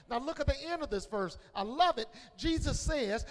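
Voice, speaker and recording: A man pastor preaching a sermon in a church, leading call-and-response and building to shouts. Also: extremely high pitch, expressive, normal speed. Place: church sanctuary. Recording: long hall reverb.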